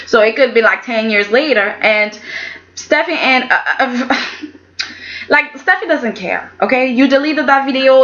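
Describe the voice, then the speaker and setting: Woman, casual vlog recap, sassy, chatty, high voice, dull lo-fi sound. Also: bright, forceful tone. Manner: chatty, sassy, keeps asking okay. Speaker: soap opera reviewer.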